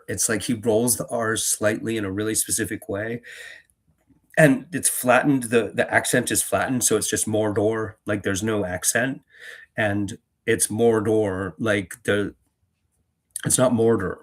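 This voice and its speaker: A man's voice: fairly low pitch, steady tone, normal speed. A man hosting a book-reading channel, chatting casually between readings in a rambling way, with frequent restarts and fillers. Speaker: reader and host.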